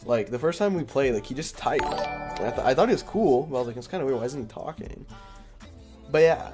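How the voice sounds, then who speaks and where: A young man streaming a game, chatting casually with a friend in a rambling way, full of fillers and quick laughs. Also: medium pitch, lively intonation, over music. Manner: rambling, filler-heavy, giggly. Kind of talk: casual chat while gaming.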